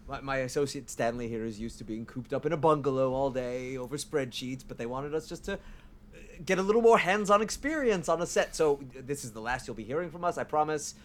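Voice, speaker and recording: A man's voice: mid-range voice, lively intonation, a little fast. A man playing his character in a tabletop role-play game, stammering and hesitant while he improvises excuses. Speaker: player.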